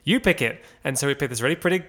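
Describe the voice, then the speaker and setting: A man telling a story as a podcast guest, hesitant and filling pauses with ums. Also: mid-range voice, lively intonation, a bit bright. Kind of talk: casual storytelling.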